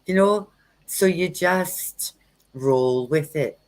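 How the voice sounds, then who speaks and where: A woman's voice: sits low, very slow, low-quality recording. Woman telling frank tarot stories. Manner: frank, anecdotal storytelling with acted-out quotes. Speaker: tarot reader and workshop host. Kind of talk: casual livestream chat.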